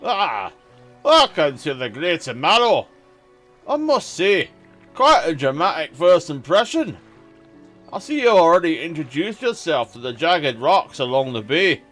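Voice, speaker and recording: A man's voice: high-pitched, sing-song, normal speed, fairly bright tone, soft background music, pitched above the performer's own voice. A man voicing a short, bossy harbor mayor in a theatrical put-on accent. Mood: pompous welcoming.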